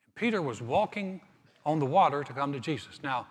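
A man preaching a sermon as pastor, reading scripture and then explaining it in a relaxed, conversational way with touches of humor. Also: a little high, brisk, husky, in a large hall.

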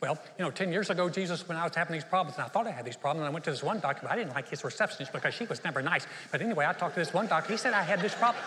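A man's voice: on the high side, animated, racing, hardly any pauses, sharp tone. A man voicing a chatty woman who rambles through a long-winded story, heard in a large reverberant hall. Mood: rambling. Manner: rambling, talks on and on.

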